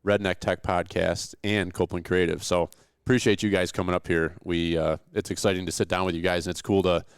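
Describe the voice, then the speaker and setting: Man, podcast host, very low voice, dry close sound, joking banter. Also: little pitch movement, a little fast, clean tone, no echo. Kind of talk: casual podcast chat.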